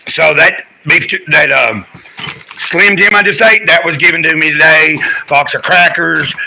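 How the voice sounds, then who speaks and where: A man with a gravelly, rough edge to his voice rambles chattily through a casual livestream, speaking straight to his viewers. His tone is piercing and sharp, pitched a little higher than most men's, and a faint noise hum sits underneath. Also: measured pace, poor audio.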